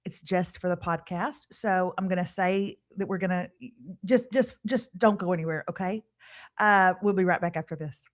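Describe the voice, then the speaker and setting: A middle-aged woman hosting a casual live podcast, telling lively stories and mimicking people. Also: lowish voice, normal speed. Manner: animated storyteller, laughing, mimicking others. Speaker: podcast host.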